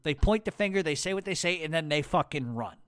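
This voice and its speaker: A man's voice: fairly high pitch, animated, fast, a bit bright, clear, resonant tone, dry recording, studio quality. A man with a New York accent hosting a podcast, delivering a blunt, heated rant full of swearing. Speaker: podcast host. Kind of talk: profane angry rant.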